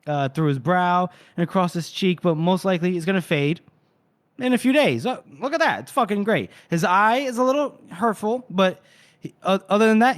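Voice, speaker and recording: A man's voice: high-pitched, no echo. A man co-hosting a book podcast, retelling chapters in loose, profane casual chat. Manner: loose and profane, acting out quoted lines. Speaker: podcast co-host.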